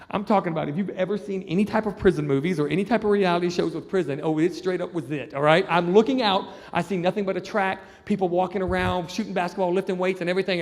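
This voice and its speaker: A man doing stand-up comedy, telling an animated story and acting out the people in it. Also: sits high. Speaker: comedian and juggler. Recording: reverberant hall.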